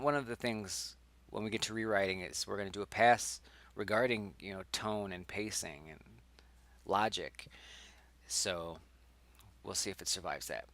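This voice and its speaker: A young man talks his way through his own screenplay, rambling and restarting as he explains his choices. His voice sits low and carries a gravelly fry, and now and then he drops into a hushed whisper. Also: no room sound. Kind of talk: casual think-aloud script reading.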